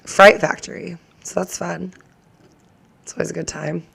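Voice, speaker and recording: A woman's voice: lowish voice, steady tone, normal speed, vocal fry, a bit bright, slightly rough. A woman hosting her own reaction channel, chatting casually to the camera in a rambling way that keeps drifting into tangents.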